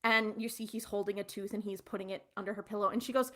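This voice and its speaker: A woman's voice: medium pitch, steady tone, fast, fairly bright tone. A woman podcast co-host, retelling a TV episode in a rambling, casual way with lots of fillers. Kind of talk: casual recap chat.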